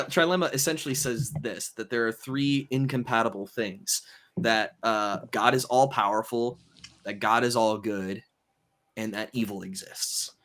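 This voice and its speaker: Male host, lowish voice, methodical explainer, relaxed livestream chat. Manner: measured, explains step by step with many fillers. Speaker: host and moderator. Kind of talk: casual panel discussion.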